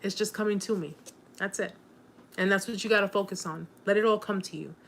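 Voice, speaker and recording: A woman hosting a casual live chat with viewers, warm and encouraging, rambling with many fillers and restarts, openly emotional. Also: medium pitch, a little fast, creaky, a little hiss or hum.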